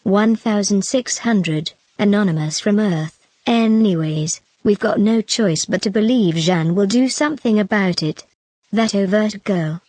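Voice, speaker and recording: A woman's voice: mid-range voice, unhurried, a little mellow, dry recording. Woman reading a web novel, dry sound. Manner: reads numbered online comments one after another. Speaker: narrator.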